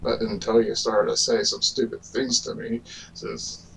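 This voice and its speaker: A man's voice: mid-range voice, level tone, normal speed, creaky, recorded from a distance, rough recording. A man delivering a rambling, argumentative casual monologue to the camera, full of fillers and restarts. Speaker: vlogger.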